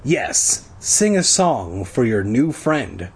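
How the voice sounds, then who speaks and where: A man's voice: mid-range voice, big pitch swings, takes it slowly, vocal fry, slightly rough, full character voice. A man voicing a mean bullying girl who talks in a mocking way.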